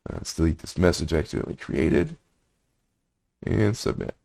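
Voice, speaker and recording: A man's voice: rumbling low, lively intonation, normal speed, gravelly, mellow, breathy edge. A man walking through a screen demo, reading generated text aloud and muttering his thoughts between passages. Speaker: prompt engineering instructor.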